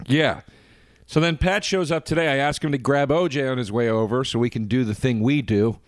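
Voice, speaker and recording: A man's voice: medium pitch, fairly quick, dry recording, studio quality. A man co-hosting a podcast in casual chat, telling stories animatedly and swearing with exasperation. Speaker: podcast co-host.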